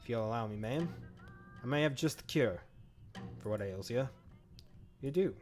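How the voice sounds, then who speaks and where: A man doing a slick gas station attendant with a raised, eager salesman's pitch. He wheedles and flatters, voiced as a character in a story game. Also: moderate pace, soft background music, natural voice. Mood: wheedling. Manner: ingratiating salesman patter. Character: smooth-talking male gas station attendant peddling poison. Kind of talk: reading game dialogue aloud.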